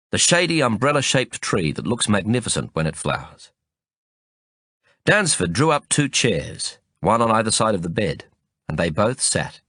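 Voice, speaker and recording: A man narrating a first-person novel as an audiobook reader, in a measured, expressive storytelling manner. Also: lowish voice, no room sound, clean studio sound.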